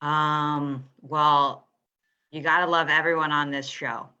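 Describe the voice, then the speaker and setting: A woman in her twenties, a guest joining by video call, chatting casually with dry, deadpan humor. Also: sits low, takes it slowly, smooth. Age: 20s. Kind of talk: casual chat with comic asides. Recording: dull lo-fi video call audio.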